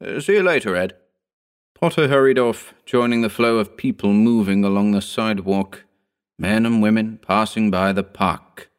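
A man narrating a horror story as an audiobook, measured and slowing for grim details. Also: lowish voice, smooth.

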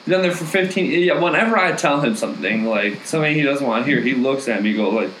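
A man's voice: medium pitch, animated, fast, fairly bright tone. A man and coworker in casual chat, making dry, teasing remarks. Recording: roomy sound with faint noise.

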